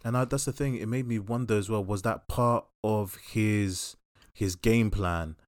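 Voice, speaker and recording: A man's voice: on the low side, measured pace, no room sound, clean studio sound. A man casually reviewing a film in a podcast chat, rambling and thoughtful with frequent fillers.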